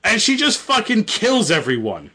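A man's voice: sits high, wildly swooping pitch, normal speed, sharp tone, breathy edge. A young man casually retelling a story, rambling, swearing and correcting himself. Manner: rambling, profane, self-correcting. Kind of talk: casual chat.

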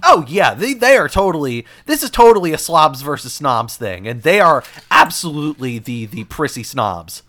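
A man's voice: a little high, big pitch swings, moderate pace, few pauses, fairly bright tone. A man co-hosting a comedy podcast, rambling and swearing freely with many fillers. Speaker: podcast co-host, game pitcher. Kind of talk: casual comedic chat.

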